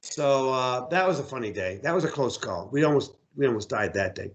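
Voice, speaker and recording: A middle-aged American man, an outfitter and hunting guide, telling stories in a casual interview, animated and repeating words as he acts out voices. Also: medium pitch, brisk.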